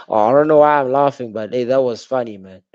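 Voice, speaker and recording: A young man giving casual, slangy live reaction commentary while watching a football match, calling out the referee loudly. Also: medium pitch, no echo. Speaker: football watch-along streamer. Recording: dull, dry home stream audio.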